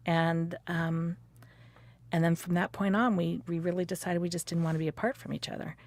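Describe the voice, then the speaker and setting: Fifties woman telling a love story, lively, laughy, lowish voice, dry close mic. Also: a little fast, dry recording. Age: 50s. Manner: animated, laughs often, acts out quotes. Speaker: interviewee recounting her courtship. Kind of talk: personal storytelling conversation.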